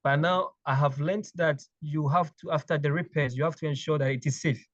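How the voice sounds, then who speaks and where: Halting man from Ghana, muffled. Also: a little high, fairly even intonation, no room sound. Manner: halting, repeats words while thinking. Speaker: clinical engineering manager, guest. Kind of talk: interview conversation.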